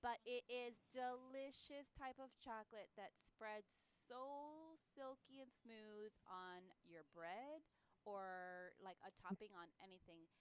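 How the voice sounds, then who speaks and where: A woman's voice: fairly high pitch, a bit bright, smooth. A woman co-hosting a morning show, chatting with gushing enthusiasm. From part French. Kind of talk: casual chat.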